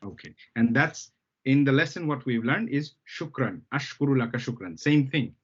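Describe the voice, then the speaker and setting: A male Arabic teacher runs a lesson at a steady middle pitch. He explains patiently, repeats the key words and keeps stopping to ask if everyone follows. The sound is dull and lo-fi. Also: moderate pace, breathy edge. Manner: patient, repeats key terms, checks understanding with "okay?". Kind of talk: live language lesson.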